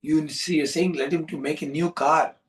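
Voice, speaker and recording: A man, hosting a storytelling session for young listeners in an animated, repetitive, coaxing way. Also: fairly high pitch, moderate pace, far from the mic, poor audio. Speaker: storyteller and host.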